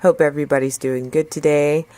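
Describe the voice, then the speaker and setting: A woman hosting her own channel, recapping a film in a relaxed, chatty way with playful slang and jokey asides. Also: low-pitched, brisk, no room sound. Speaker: movie review vlogger. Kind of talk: casual spoken movie review.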